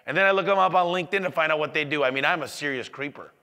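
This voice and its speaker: Energetic male speaker, bright tone, echoey hall, business talk. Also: fairly high pitch, rapid-fire. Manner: energetic, acts out customer dialogue. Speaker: business owner giving a talk.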